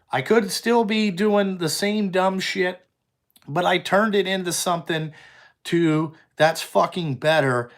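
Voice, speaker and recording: Young trucking boss, fairly high-voiced man, blunt and profane, rambling live chat with viewers. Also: fairly bright tone. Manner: blunt, heavy swearing, rambling. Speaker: trucking company owner. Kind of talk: casual livestream chat answering viewers.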